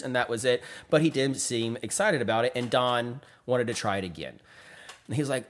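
Speaking a little fast in a mid-range voice, the Texas-born guest artist spins loose, filler-heavy anecdotes and gets livelier whenever he imitates someone else.

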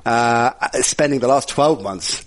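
A man's voice: mid-range voice, slow. A man hosting a sports podcast in an upbeat, chatty way, laughing easily with his guest. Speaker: podcast host. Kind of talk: casual sports talk.

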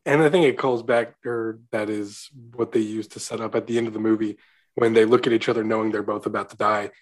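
A man's voice: on the low side, fairly quick. Joking man hosting a podcast. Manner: joking, teasing, animated retelling. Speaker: podcast host. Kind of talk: casual movie discussion.

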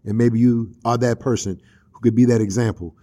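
A man with a husky voice hosts a church radio talk show. He talks in a loose, slangy way and builds his points like a preacher. His delivery is animated and keeps rising into emphasis. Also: medium pitch, a little fast. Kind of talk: casual street-ministry talk and storytelling.

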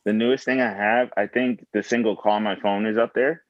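A man's voice: on the low side, steady tone, no room sound, dull audio. A man who is a musician guest, chatting casually with short reactions. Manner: short quick reactions and laughs. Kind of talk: casual chat.

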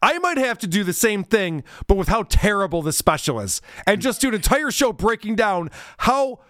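A man's voice: sits high, very animated, normal speed, fairly bright tone, no echo. A man co-hosting a casual comedy podcast, talking in a sarcastic, mocking way and laughing often. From Germany. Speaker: podcast co-host.

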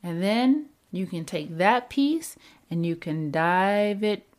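A woman speaks slowly and unhurriedly, her voice sitting at an ordinary middle pitch. She talks like a self-help coach, calm and reflective, asking the listener question after question as she works through feelings. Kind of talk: reflective motivational talk.

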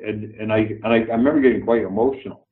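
A man's voice: on the low side, very fast, reverberant, narrow, tinny audio. Older Canadian man telling candid stories. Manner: candid, profane, acts out dialogue. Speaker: guest actor. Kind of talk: casual interview storytelling.

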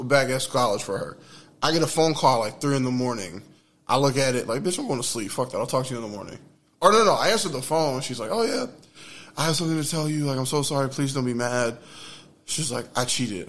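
A young man telling a story in casual podcast chat, animated and laughing as he talks. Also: medium pitch. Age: young adult.

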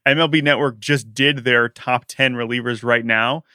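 A man co-hosting a casual sports podcast, animated and quick to act out mock quotes. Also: medium pitch, smooth, no echo, clean studio sound. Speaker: podcast co-host.

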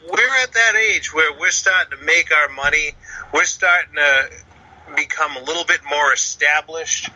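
A Boston-area man in his thirties leaves a profane, emphatic voicemail rant for a podcast, listing his points one by one. His fairly high voice sounds bright and forceful, carried over a phone line.

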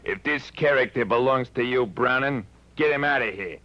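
An actor playing a gruff, curt nightclub owner and card gambler, in 1940s radio acting. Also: male voice, mid-range voice, normal speed, no room sound, natural voice. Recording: dull vintage radio recording.

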